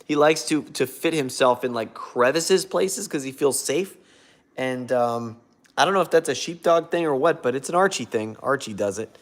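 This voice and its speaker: A man's voice: medium pitch, lively intonation, moderate pace. A man hosting a casual livestream, rambling and losing his train of thought while he reads out viewer comments and thanks them. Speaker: livestream host.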